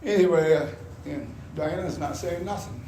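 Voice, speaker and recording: An older man giving a personal testimony at a gospel meeting, telling his story in an animated way and acting out his past anger. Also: on the high side, normal speed. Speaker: testimony speaker. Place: gospel hall. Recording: echoey hall, faint background noise.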